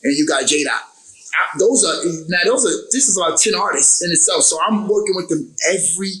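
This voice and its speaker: A man's voice: high voice, lively intonation, brisk, roomy sound, crowd noise, poor audio. A young adult man, a recording artist as interview guest, talking casually and emotionally, often repeating his phrases.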